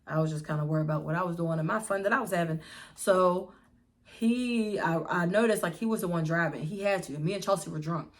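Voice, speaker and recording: Young woman, storytime vlog, slightly low voice, lively and swearing, home camera mic. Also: fairly quick. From Pittsburgh area, US. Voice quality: lively, swears freely, addresses viewers as y'all. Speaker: vlogger. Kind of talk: casual storytime.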